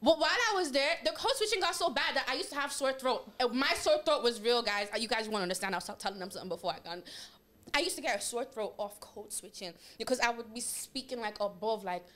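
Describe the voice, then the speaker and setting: A young woman, a podcast guest, chatting casually in an animated way, sometimes slipping into an American-style drawl. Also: on the high side, fast. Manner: animated, slips into an American drawl, laughs a lot. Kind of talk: casual chat.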